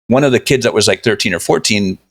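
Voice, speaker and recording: A middle-aged man hosting a podcast interview, chatty and sharing personal stories with his guest. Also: fairly low pitch. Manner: fast, chatty, shares personal anecdotes. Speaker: podcast host. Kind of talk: conversational interview.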